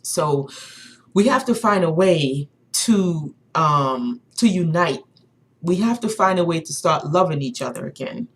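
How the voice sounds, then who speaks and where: A woman's voice: low voice, lively intonation, a little slow. A woman co-hosting a casual spiritual chat, rambling with many fillers and restarts. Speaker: channel co-host.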